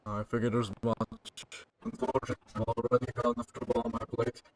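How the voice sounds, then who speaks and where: A man voicing a stoic young brawler, speaking low, flat and curt. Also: fast talker, breathy edge, soft background music, lightly acted. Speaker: game protagonist voiced by a player.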